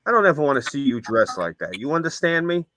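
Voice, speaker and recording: A man putting on the voice of his short, stern old-school uncle, lecturing forcefully. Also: on the high side, very animated, fast, dry recording.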